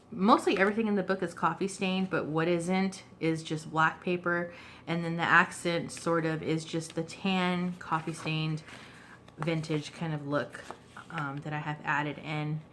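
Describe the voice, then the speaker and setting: A woman giving a relaxed, chatty show-and-tell of her handmade journal, clearing her throat now and then between fillers. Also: on the low side, a little hiss or hum. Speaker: craft vlogger. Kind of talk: casual show-and-tell craft video.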